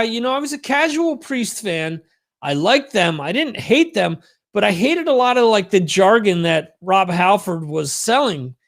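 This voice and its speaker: High-voiced man chatting on a livestream. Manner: chatty, profane, rambling with restarts. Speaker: livestream host. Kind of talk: casual livestream monologue.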